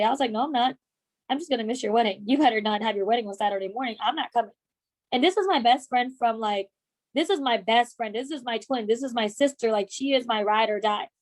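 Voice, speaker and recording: A woman training her sales team, telling stories and acting out the dialogue. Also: a little high. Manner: animated storytelling, acts out quoted dialogue. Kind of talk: motivational team training talk.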